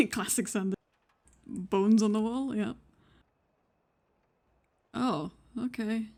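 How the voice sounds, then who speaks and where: A woman's voice: on the high side, slow pace, darkish tone. A Welsh woman playing in a tabletop role-play stream, chatting casually between scenes, laughing often, swearing freely and teasing. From Wales. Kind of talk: casual banter on a live stream.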